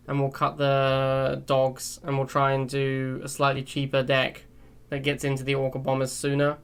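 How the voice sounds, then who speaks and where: A young man hosting a gaming channel gives live, casual commentary on a strategy game match, chatting and laughing at his own jokes. His voice is medium-pitched, smooth and fairly bright.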